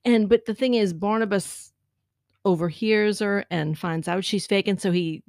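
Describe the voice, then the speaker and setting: A woman's voice: mid-range voice, normal speed, a little mellow, dry recording, clean studio sound. Chatty woman with frequent laughs. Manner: chatty, laughs often, acts out quotes. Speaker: podcast co-host. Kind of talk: casual chat recapping a TV show.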